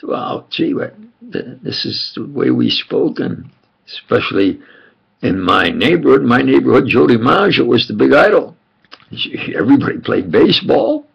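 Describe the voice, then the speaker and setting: An older man from New York, whose first language is Italian, reminisces aloud in a thick New York accent. His mid-range voice is gravelly and husky, animated and at normal speed, and he meanders, repeats himself, and chuckles as he goes in this rambling personal monologue. The recording sounds dull and lo-fi.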